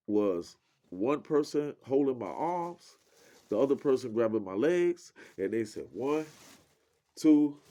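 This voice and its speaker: A man telling a personal story in a casual, profane, animated way, acting out the lines of other people. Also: medium pitch.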